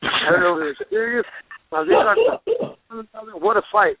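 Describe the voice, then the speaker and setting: A man who is a pro wrestler, a guest telling rambling, animated stories with restarts and folksy exclamations. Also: sits high, unhurried, vocal fry, background noise. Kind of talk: storytelling interview. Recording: phone line, dry.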